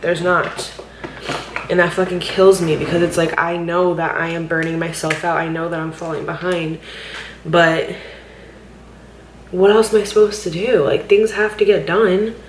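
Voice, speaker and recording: A woman with a slightly low voice vents in a rambling, frustrated way, swearing freely and leaning on "like" as she talks. She sounds tearful and worn out. The room is roomy and echoey, with a faint hum of background noise behind her. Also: fairly even intonation, measured pace. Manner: rambling, frustrated, heavy swearing, many "like" fillers. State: tearful, overwhelmed. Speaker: vlogger. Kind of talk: candid personal vlog venting.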